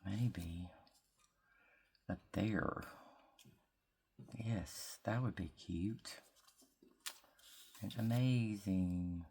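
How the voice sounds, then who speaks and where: With a warm bass voice edged with breathiness, a Southern-drawling woman from Mississippi keeps up a chatty crafting talk to camera. She thinks aloud and lingers on her words while working on a project at her desk.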